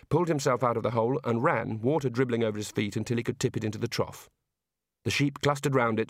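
A man reads a storybook aloud in steady, measured narration. His voice sits at an average male pitch, and the recording is close and dry with no room sound. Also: dry recording. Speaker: audiobook narrator.

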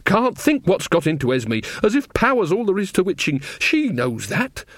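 A blunt old country witch woman, gruff and plain-spoken in thick rustic dialect, as a male narrator puts her on. Her voice rides high and lively, and the reading is dry and close. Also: moderate pace, no room sound, exaggerated voice.

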